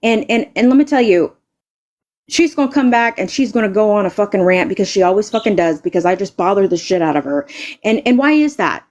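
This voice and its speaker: A woman's voice: medium pitch, lively intonation, a little fast, a little mellow. A woman live streamer delivering an angry, confrontational rant, stammering and repeating words and swearing heavily.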